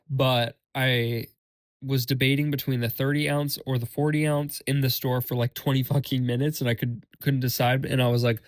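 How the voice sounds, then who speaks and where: A young man hosting a solo podcast while sick, hoarse and rambling in casual chat, full of fillers and self-deprecating asides. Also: medium pitch, no echo. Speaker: podcast host.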